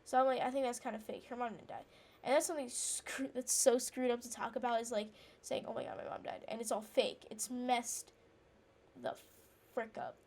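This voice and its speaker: While playing a game, a woman rambles through an indignant personal story, full of fillers and restarts, breaking off to react to what's happening on screen. Her voice is a little high, gravelly and slightly mellow, steady in tone and moderately paced.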